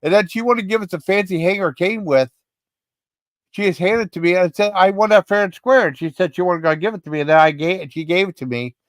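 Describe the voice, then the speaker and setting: A man hosting a casual livestream tells rambling personal stories in a fairly high voice. He restarts his sentences often and gets worked up as he goes. The sound is dry and close. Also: fast talker, dry recording. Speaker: livestream host.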